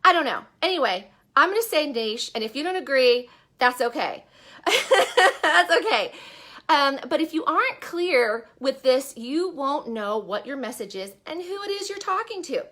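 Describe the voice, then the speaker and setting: A high-voiced woman with a crisp, bright tone hosts a live stream as a business coach. She talks in a chatty, upbeat way and keeps asking her viewers direct questions. She speaks from a bedroom at home. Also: big pitch swings, normal speed.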